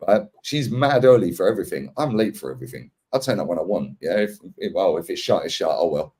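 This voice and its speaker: London man, podcast host, casual slangy storyteller, husky voice that swings up and down a lot. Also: low voice, expressive, fast, a little mellow. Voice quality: slangy, swearing, laughing storyteller. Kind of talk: casual banter.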